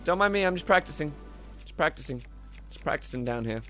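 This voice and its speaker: A man talks his way through a video game in relaxed let's-play commentary. He keeps muttering profane asides under his breath. His voice is bright and a little high, with lively jumps in pitch. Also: brisk, faint music behind. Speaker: gameplay commentator.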